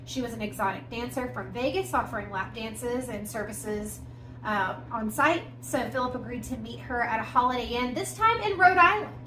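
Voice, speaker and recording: A woman's voice: fairly high pitch, moderate pace, sharp tone. A woman co-hosting a podcast, recounting a crime case in casual storytelling with emphatic asides. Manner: conversational, recounting events with emphatic asides and fillers. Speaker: podcast co-host. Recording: echoey room with faint background noise.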